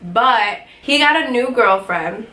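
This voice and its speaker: A young woman recounts a story in a casual storytime vlog, her voice bright and a little high. She talks animatedly, peppering every line with "like" and swearing freely. The room is echoey, with faint ambient noise underneath. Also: slow pace. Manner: animated, heavy swearing, lots of "like". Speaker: vlogger telling a story.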